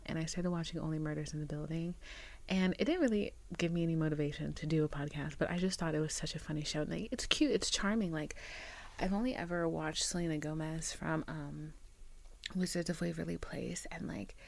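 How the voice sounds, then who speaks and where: A woman's voice: fairly low pitch, creaky, darkish tone. A young woman talking casually to her camera, rambling and chatty, calling her viewers "girl". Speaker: vlogger. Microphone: camera mic.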